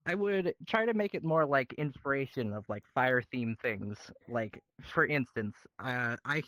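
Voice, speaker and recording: A man's voice: medium pitch, expressive, normal speed, hardly any pauses, fairly bright tone, dry recording, rough recording. A man auditioning for a roleplay, answering questions casually with many fillers and restarts.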